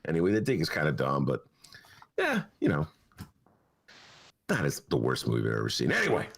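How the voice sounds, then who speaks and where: A man's voice: a bass voice, wildly swooping pitch, a little fast, creaky, fairly bright tone, slightly rough. A man in his sixties hosting a podcast, chatting casually in a rambling, opinionated way. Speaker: podcast host. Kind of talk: casual chat.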